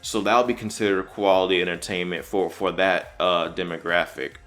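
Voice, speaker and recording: Rambling low-voiced man. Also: fairly even intonation, moderate pace, a bit bright, soft background music. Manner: rambling, many fillers. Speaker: reaction panelist. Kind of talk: casual chat.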